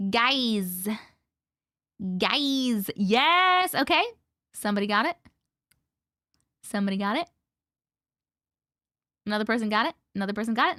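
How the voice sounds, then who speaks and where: Bright, animated woman livestream host. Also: fairly high pitch, no room sound, studio quality. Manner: playful, laughs and coughs often. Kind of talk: casual live chat with viewers.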